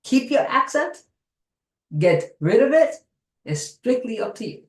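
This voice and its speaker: A woman with a Spanish accent gives a motivational talk straight to camera. She speaks slowly and deliberately, and her pitch rises and falls widely. Her voice rings in an echoey room. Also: very animated. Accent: Spanish-accented English. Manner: slow, deliberate delivery. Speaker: speaker and coach.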